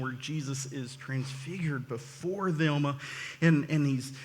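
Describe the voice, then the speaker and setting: Brief: middle-aged pastor, bright forceful tone, preaches with repeated phrases. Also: male voice, fairly high pitch. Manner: repetitive preaching cadence with restarts. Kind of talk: sermon.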